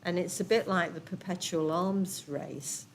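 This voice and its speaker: A woman's voice: fairly low pitch, steady tone, measured pace, a little hiss or hum. A woman on a panel speaking critically and passionately, with hesitant restarts. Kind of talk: discussion.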